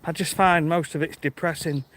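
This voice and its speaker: British man, high voice, chatty, greets viewers, walking outdoors, phone mic. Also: steady tone, moderate pace, fairly bright tone, slight background noise. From Britain. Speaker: livestreamer. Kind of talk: casual live-stream chat while walking. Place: outdoors on a rural walk.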